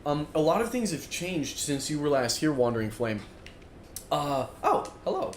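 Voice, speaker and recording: This young man's fairly high voice swings widely in pitch at a normal speed as he rambles through a game stream, leaning on fillers and reading chat aloud. He's on his feet in a dorm-style room, and the audio carries a roomy echo with faint room noise.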